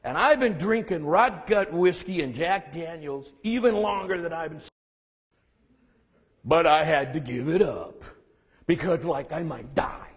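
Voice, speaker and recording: A man voicing his gruff 98-year-old grandfather, blunt and folksy, who talks in cliches, in a room with long reverb. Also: fairly high pitch, lively intonation, measured pace. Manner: speaks in cliches and homespun sayings.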